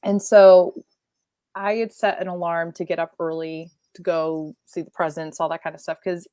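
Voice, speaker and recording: A woman from New York State co-hosting a podcast, telling lively stories in a casual chat and acting out the quotes. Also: fairly low pitch, normal speed, clean tone, no room sound. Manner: animated storyteller, acts out quotes. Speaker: podcast co-host.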